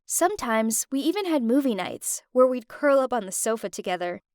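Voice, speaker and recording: A young woman tells her own story in the first person, emotional and confiding. Her voice is high and bright in pitch, and the recording is dry and close, with no room sound. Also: sing-song, brisk, no echo. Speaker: narrator.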